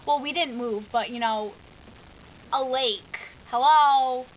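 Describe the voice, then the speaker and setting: A teenage girl telling a story in a casual vlog, chatty and animated, full of "like.". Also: on the high side, takes it slowly, dull audio, slight background noise. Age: teens. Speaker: vlogger.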